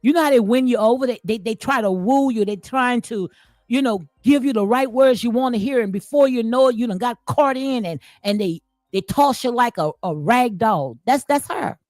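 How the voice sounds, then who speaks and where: Blunt, preachy woman with a high voice. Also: moderate pace, darkish tone, dry recording. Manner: blunt, preachy, repeats herself, slangy. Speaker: commentary channel host. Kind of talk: casual reaction commentary.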